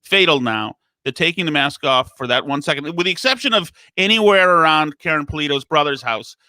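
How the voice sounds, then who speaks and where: A male talk radio co-host spins sarcastic stories to his partner. His voice sits a little high for a man and has a bright, sharp edge, and the close studio mic keeps it completely dry. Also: expressive, a little fast, no echo. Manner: sarcastic storytelling.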